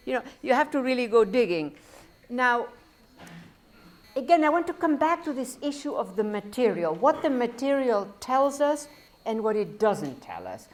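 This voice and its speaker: A woman with a foreign accent giving a university lecture, talking in a discursive way with frequent self-corrections and wry asides. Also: on the high side. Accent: foreign accent in English. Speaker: professor.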